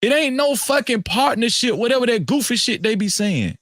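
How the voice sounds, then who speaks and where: A man on a podcast panel, lecturing and swinging from low murmurs to shouts. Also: expressive, fairly quick, no room sound, studio quality. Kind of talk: heated panel talk. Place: live-stream podcast studio.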